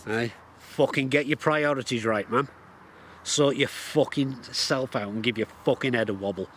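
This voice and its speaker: A man's voice: medium pitch, moderate pace, fairly bright tone, a little hiss or hum. A man vlogging outdoors in the countryside, delivering a heated, blunt rant to camera and swearing constantly. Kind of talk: profane angry rant to camera.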